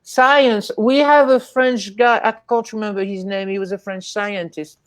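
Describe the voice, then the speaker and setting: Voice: medium pitch, steady tone, normal speed, clean tone, no echo. A guest in a casual interview, telling rambling anecdotes and acting out the voices of people in the stories. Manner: acts out quoted voices.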